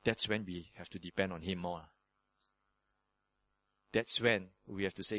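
A man preaching a sermon as pastor, acting out prayers in quick shifts of voice. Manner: lively preaching, acts out prayers in sudden higher voices.

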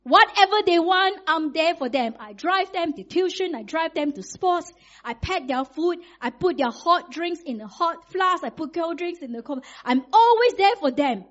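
A middle-aged woman, preaching in a lively, conversational way and acting out quotes. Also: extremely high pitch, normal speed, lo-fi sound. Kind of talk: sermon.

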